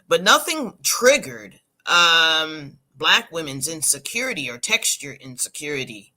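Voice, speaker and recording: A woman co-hosting a podcast, talking in a measured, lecturing way with frequent restarts. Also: low-pitched, bright, forceful tone. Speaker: podcast co-host. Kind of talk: casual chat.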